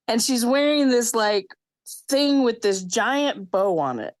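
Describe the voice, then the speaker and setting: A woman's voice: a little high, lively intonation, slow. A woman co-hosting a podcast in casual chat, talkative, with many fillers and asides. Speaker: podcast co-host.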